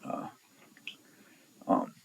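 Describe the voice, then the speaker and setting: A man's voice: extremely slow, rough recording. A man in his forties from the San Diego area, telling a rambling, profane story in a blunt, casual way. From San Diego area, California. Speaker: storyteller vlogger.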